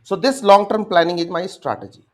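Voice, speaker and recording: A man's voice: high-pitched, a little fast. A young man with an Indian English accent, giving an exam-prep lecture and acting out students' answers as he speaks to them directly. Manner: addresses students directly, acts out their answers.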